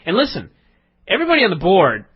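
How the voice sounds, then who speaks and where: Podcast co-host: husky, lively voice, rambling mock-serious teasing, dull lo-fi sound. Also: male voice, high voice, fast talker. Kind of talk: casual comedic chat.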